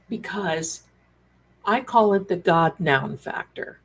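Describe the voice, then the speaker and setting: Brief: animated woman psychic host talking to live viewers, middle pitch. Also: measured pace, slightly rough, rough recording. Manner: chatty, animated, acts out quoted dialogue, calls viewers darlings. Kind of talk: live-stream spiritual talk.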